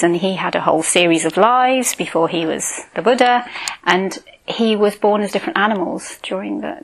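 A woman's voice: medium pitch, creaky, low-quality recording. A woman meditation teacher giving an informal dharma talk, telling and reading a Buddhist fable with light asides. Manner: informal, warm, chuckling asides.

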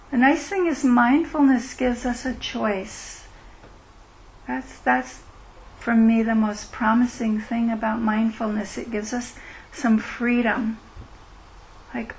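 A woman teaching mindfulness at a retreat and answering questions, in a gentle, reflective way that acts out inner thoughts. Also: on the high side, flat delivery, takes it slowly, creaky, a little hiss or hum, rough recording. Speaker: meditation teacher.

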